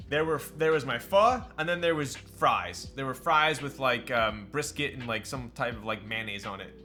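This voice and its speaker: Building a keyboard on a live stream, a man jokes around, replies to his chat and laughs a lot in a casual, chatty way. His voice is mid-range, with a bright, forceful tone.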